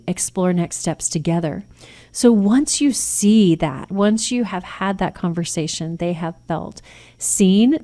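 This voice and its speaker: A woman's voice: fairly low pitch, warm tone. An American woman hosting a Christian radio show, giving earnest parenting advice and acting out sample phrases. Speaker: radio host, nurse practitioner.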